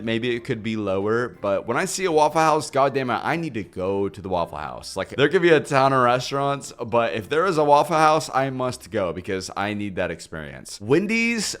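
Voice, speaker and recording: A young male streamer talks casually into a desk mic at home, jumping between loud animated outbursts and low muttered asides. His voice sits at an ordinary mid pitch. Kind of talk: casual live-stream rant. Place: home computer setup.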